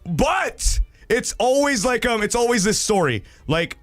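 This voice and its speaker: Animated high-voiced man. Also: unhurried, dry recording, faint music behind. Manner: animated and profane, laughing loudly, acting out quoted voices. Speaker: livestream host reading viewer stories. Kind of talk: casual livestream chat.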